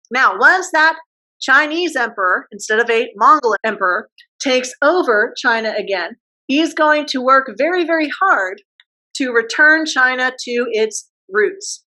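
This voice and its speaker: A woman history teacher giving a casual classroom lecture, posing quick questions and using slang. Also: a little high, bright, forceful tone, rough recording.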